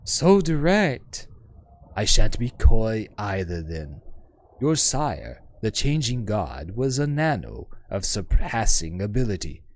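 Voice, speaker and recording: Stately game scholar woman, voiced by a man, measured and formal, with a lively rising-falling melody. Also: lowish voice, no echo, full character voice. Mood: measured, gracious. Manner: measured, formal, precise diction. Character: elegant formal woman scholar, serene hive mind.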